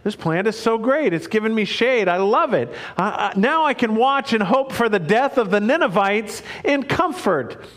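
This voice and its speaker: A man's voice: high-pitched, lively intonation, moderate pace, hardly any pauses, fairly bright tone. A man putting on the voice of a petulant, sulking prophet who complains in a whiny tone. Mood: gushing.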